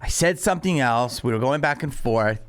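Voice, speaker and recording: Animated male comedian telling stories. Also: medium pitch, normal speed. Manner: animated, storytelling with acted-out quotes. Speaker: guest comedian. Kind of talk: casual podcast chat.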